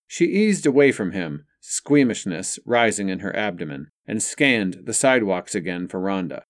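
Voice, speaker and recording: A man narrating an audiobook in a steady, even reading style. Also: fairly low pitch, normal speed, hardly any pauses, no room sound, clean studio sound.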